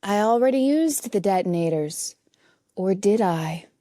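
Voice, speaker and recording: A woman's voice: medium pitch, lively intonation, unhurried, dark tone, dry recording, clean studio sound, natural voice. A woman playing a tough male New York cop who swears and cracks wise. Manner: gruff swearing, wisecracks.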